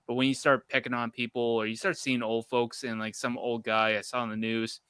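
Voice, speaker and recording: A man's voice: mid-range voice, little pitch movement, brisk, pushed and bright, slight background noise. A man from Canada hosting a casual podcast, rambling in a heated, profane way. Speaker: podcast host.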